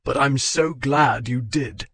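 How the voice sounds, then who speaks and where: A man voicing a flustered, lovesick young gentleman in an audiobook, with gruff, earnest delivery. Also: slow pace, no echo, full character voice. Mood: tender. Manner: gruff, earnest, low growls. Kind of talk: audiobook character voice.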